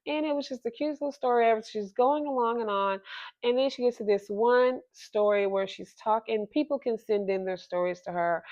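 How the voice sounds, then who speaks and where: A woman at home telling a hard personal story in a halting, emotional way, with many restarts. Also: medium pitch. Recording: slightly dull lo-fi sound.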